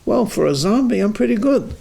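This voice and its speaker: A man voicing a stubborn husband who calmly insists he is a zombie, in a told joke. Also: high voice, fairly quick, gravelly, pitched above the performer's own voice, full character voice. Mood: insistent. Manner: calm, matter-of-fact insistence.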